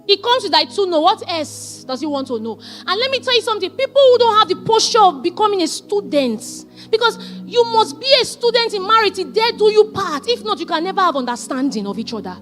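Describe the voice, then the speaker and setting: A woman pastor preaching a sermon, animated and emphatic as she tells stories. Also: very high voice, a little fast, hardly any pauses, soft background music.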